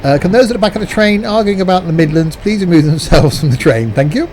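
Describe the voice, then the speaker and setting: A man putting on the voice of a train guard making formal announcements to passengers, in a drawn-out announcer delivery. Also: sits high, lively intonation, a little mellow, a little hiss or hum, voice pushed up. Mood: mock formal.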